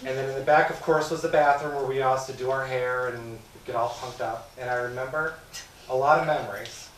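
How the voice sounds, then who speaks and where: A man speaking at a memorial service, telling a lively story with laughter. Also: medium pitch, a little fast. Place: congregation hall. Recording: echoey room from far off, noisy.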